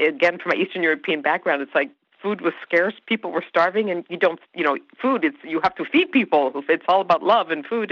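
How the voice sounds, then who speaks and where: A woman's voice: low-pitched, a bit bright, no echo. A woman actress raised in Canada with Hungarian as her first language, chatting effusively in an interview and laughing often. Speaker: actress guest. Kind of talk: casual interview chat. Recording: dry, slightly dull podcast sound.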